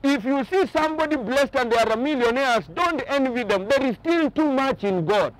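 Male pastor, very high voice, emphatic repetitive preaching style. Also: animated, normal speed, dry recording, poor audio. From Kenya. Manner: emphatic preaching with repeated phrases. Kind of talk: sermon. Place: outdoors on a boat by the ocean.

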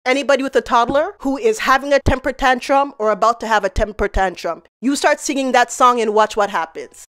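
A woman's voice: fairly high pitch, fairly bright tone. A woman hosting casual commentary, chatty, laughing between points and talking straight to the people she discusses. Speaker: commentary channel host.

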